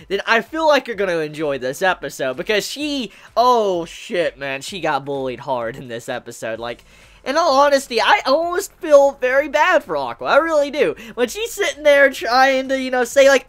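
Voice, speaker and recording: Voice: mid-range voice, a bit bright. An anime reviewer giving a casual spoken episode review, swearing often and laughing while talking.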